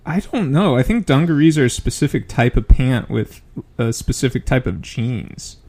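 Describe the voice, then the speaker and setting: A man co-hosting a podcast in casual chat, measured and deadpan. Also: medium pitch. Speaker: podcast co-host.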